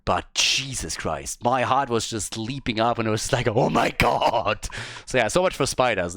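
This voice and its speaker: A man casting a live video game match, talking casually, swearing freely and breaking into animated stories. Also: medium pitch. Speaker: esports caster.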